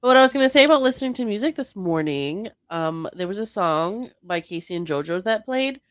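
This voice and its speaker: A woman's voice: medium pitch, expressive, a little fast. A woman co-hosting a podcast in casual chat, full of likes and fillers. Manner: chatty, many likes and fillers. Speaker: podcast co-host.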